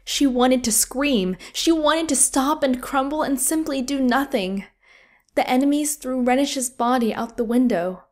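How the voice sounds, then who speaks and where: A woman narrating a fantasy war audiobook in an expressive, vivid storytelling style. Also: high voice, unhurried.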